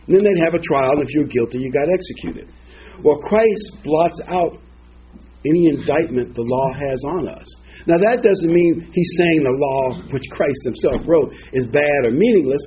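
A man's voice: on the high side, highs cut off, slight background noise. A man giving an informal Bible teaching, rambling and digressive, with frequent asides and fillers. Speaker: preacher.

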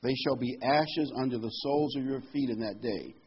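A man's voice: medium pitch, moderate pace, slight background noise. A man preaching a sermon and reading scripture aloud, talking in a conversational way that rises to emphatic when he quotes the verses. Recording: dull lo-fi recording.

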